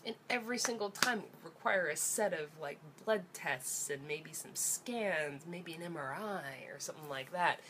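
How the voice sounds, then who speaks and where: A woman's voice: low-pitched, unhurried, few pauses, noisy background. A young woman, ranting angrily and sarcastically in a vlog, swearing freely. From Canada. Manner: angry, profane, sarcastic. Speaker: vlogger.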